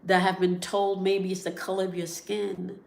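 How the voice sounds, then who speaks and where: Give me a low-voiced woman telling a story in an echoey room. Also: little pitch movement, normal speed, gravelly. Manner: conversational, checks in with "okay?" and "right?"; drops to soft whispers at emotional moments. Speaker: spiritual reader sharing a story. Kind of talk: casual storytelling to viewers.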